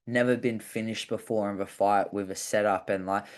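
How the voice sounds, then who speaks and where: A man's voice: lowish voice, steady tone, moderate pace. A man, a fighter talking in a casual chat, rambling with many fillers. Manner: rambling, heavy use of "like" fillers. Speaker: MMA fighter guest.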